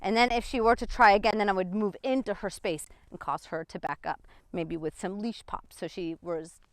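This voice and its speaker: A woman's voice: normal speed, no room sound. A woman dog trainer talking outdoors while walking a dog and explaining her methods, a bit out of breath. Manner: chatty, swings up high for dog praise.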